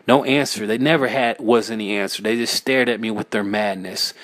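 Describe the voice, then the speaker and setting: A man reading his own first-person horror story aloud, frantic, sometimes breaking into yells. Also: lowish voice, steady tone, brisk, no room sound.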